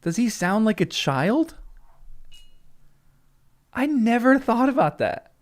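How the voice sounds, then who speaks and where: A man's voice: very high voice, very animated, takes it slowly. An American man reading a fantasy novel aloud for his channel, stopping to muse and laugh in casual commentary. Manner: chatty, laughs often, muses out loud. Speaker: channel host reading a book. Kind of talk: read-along with casual commentary.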